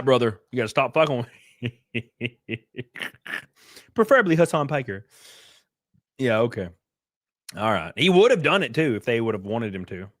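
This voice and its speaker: Man, young adult, livestream chat reactions, lively swinging pitch, middle pitch, swears a lot, dry close mic. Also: no room sound. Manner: animated, swears freely, reads chat messages aloud and reacts. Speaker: streamer reading live chat. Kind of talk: casual livestream commentary.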